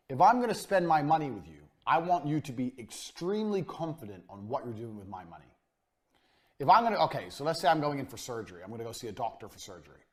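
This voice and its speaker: A course instructor teaches a business course like a blunt, emphatic motivational lecture, with short punchy sentences and casual swearing. His medium-pitched voice falls quiet at the ends of phrases.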